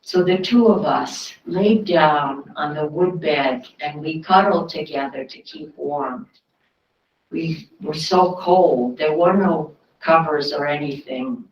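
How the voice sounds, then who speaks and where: An elderly woman speaks as a guest survivor giving her testimony, her voice low and her delivery slow and plain. She often slips into the present tense as she tells her story. The recording is dull and roomy, picked up from a mic well away from her. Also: recorded from a distance, a little hiss or hum. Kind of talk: personal testimony talk.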